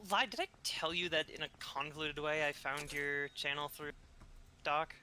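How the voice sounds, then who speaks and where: A guest in a casual chat, playful and quick with jokes and bits. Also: medium pitch, sharp tone, a little hiss or hum.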